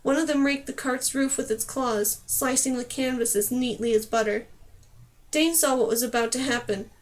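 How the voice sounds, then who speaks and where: A woman narrating a fantasy novel as an audiobook reader. Her voice sits high, and she tells the story in a steady, clear way. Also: moderate pace. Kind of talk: scripted narration.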